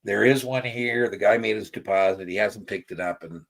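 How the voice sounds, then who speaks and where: A man's voice: on the low side, normal speed, creaky, rough recording. Man doing a patient generator dealer. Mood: explaining. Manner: matter-of-fact, explaining procedure.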